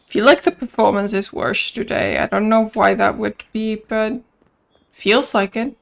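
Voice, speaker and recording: A woman's voice: medium pitch, steady tone, a little slow, creaky. A woman streaming a video game, chatting casually and playfully, sneezing now and then and singing silly rhymes. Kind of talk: casual gameplay commentary.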